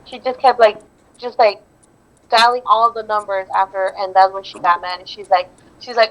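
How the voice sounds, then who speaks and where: A woman's voice: medium pitch, little pitch movement, normal speed, fairly bright tone, low-quality recording. A woman guest in an interview, answering casually and hesitantly, often restarting and repeating herself.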